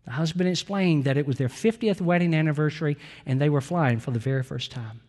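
A male pastor delivering an earnest Wednesday night sermon in a church, slow and emphatic with pauses. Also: a little high, darkish tone. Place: church sanctuary. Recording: reverberant church hall.

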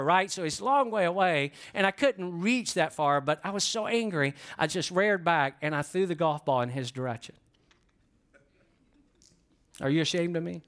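A middle-aged man preaching, telling an animated, self-deprecating story and asking the congregation questions. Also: high-pitched. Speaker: pastor. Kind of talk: storytelling sermon. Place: church before a congregation.

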